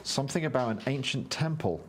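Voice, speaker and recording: A man's voice: mid-range voice, expressive, slight background noise. A man reading a board game's story and rules aloud, with casual chat between turns while playing. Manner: brisk read-aloud, narrating the game's story text. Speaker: co-host reading a board game script aloud. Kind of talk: reading game text and casual play chat.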